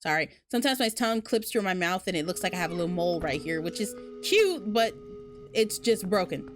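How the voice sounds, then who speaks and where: A woman's voice: lowish voice, big pitch swings, a little fast, over music. A young woman with a Southern US accent, giving rambling, chatty commentary while she plays a video game. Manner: chatty, rambling, many fillers. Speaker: game streamer. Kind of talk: casual gaming commentary.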